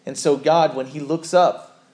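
A man's voice: on the high side, fairly even intonation, measured pace, a little mellow. A man preaching a sermon as a pastor, earnest and conversational, often correcting himself mid-sentence.

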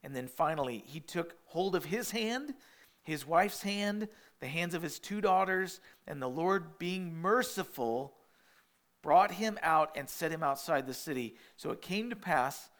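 A man's voice: fairly high pitch, expressive, unhurried, a bit bright. A man preaching a sermon in a conversational way, acting out quotes and often restarting his words, with asides about parenting toddlers. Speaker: pastor.

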